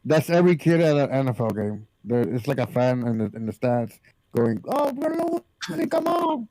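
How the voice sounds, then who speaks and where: A man's voice: medium pitch, a little fast, dark tone, no room sound, poor audio. A man co-hosting a movie review podcast, chiming in with jokey quips in casual chat. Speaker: podcast co-host.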